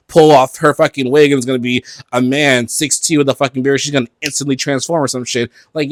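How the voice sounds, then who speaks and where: A man hosts his podcast from home, running through pop-culture gossip with plenty of swearing and loose fillers. His voice sits at an ordinary pitch and is recorded close and dry, with almost no room sound. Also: no room sound. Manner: animated, gossipy and profane, with frequent fillers. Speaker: podcast host. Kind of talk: casual pop-culture commentary.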